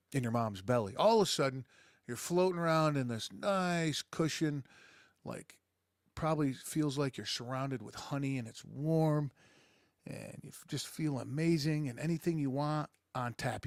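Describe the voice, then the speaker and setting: A man's voice: mid-range voice, no room sound, studio quality. A middle-aged man hosting a podcast, talking in a crude, sarcastic, rambling monologue. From rural United States. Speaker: podcast host. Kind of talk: casual monologue.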